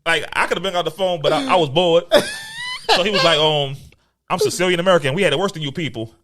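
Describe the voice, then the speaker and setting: A man's voice: a little high, fast talker, background noise. A man, co-hosting a podcast, telling a story in casual, profane chat and acting out the quotes. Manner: animated, profane, acts out quotes. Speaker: podcast co-host.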